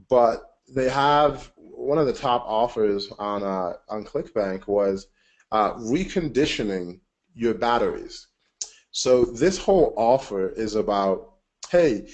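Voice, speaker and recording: A man presenting a webinar over screen share, loose and rambling, with lots of filler words. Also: medium pitch. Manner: loose and rambling, full of "you know" and "like".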